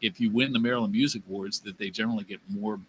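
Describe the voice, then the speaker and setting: A male podcast guest talks quickly and eagerly, his voice low yet bright and forceful. His manner is chatty and relaxed, as if he is glad to be talking. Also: a little hiss or hum, poor audio. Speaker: podcast guest, music awards organizer. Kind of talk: casual chat.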